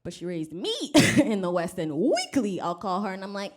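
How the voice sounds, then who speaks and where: A woman's voice: medium pitch, wildly swooping pitch, normal speed, hardly any pauses. A woman from Rwanda doing a stand-up comedy set on stage, wry and self-deprecating, acting out other people's voices. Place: comedy club stage with live audience.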